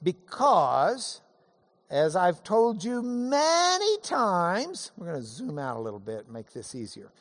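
A man preaching a sermon in a lively, conversational way, breaking off for quick asides as he teaches. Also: high-pitched. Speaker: pastor. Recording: long hall reverb.

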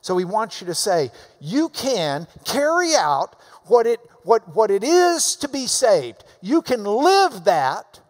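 A man preaching a sermon in a church. He talks emphatically, swinging between loud urging and quiet asides. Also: high voice, big pitch swings, slow, few pauses. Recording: long reverb of a large hall.

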